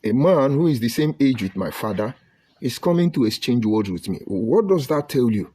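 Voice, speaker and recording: A Nigerian man from Delta State giving an impassioned online broadcast, preaching emphatically and swinging between loud outbursts and low murmurs. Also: sing-song, normal speed, husky. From Nigeria (Delta State, Ika). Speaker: online commentator.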